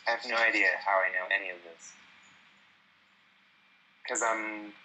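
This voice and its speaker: A man's voice: on the low side, fairly even intonation, measured pace, sharp tone, low-quality recording. A man from Colorado with a General American accent, calling in to a spiritual talk, hesitant and self-deprecating with nervous laughter. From Denver, Colorado. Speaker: caller. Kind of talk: casual conversation.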